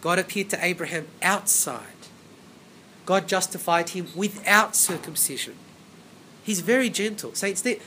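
A man's voice: high-pitched, unhurried, bright, forceful tone, slight background noise. A man preaching a Bible sermon, emphatic, repeating phrases and asking rhetorical questions.

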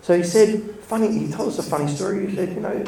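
Gravelly man preaching in an echoey hall. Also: sits high, fast talker, a little hiss or hum. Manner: chatty, laughs between points, lively storytelling. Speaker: church speaker. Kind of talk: informal sermon with storytelling. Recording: echoey room, mic from a distance, faint ambience.

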